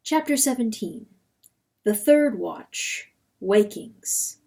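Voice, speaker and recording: Woman narrator for a dramatic book reading, slow and measured, mid-pitched. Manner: measured, expressive.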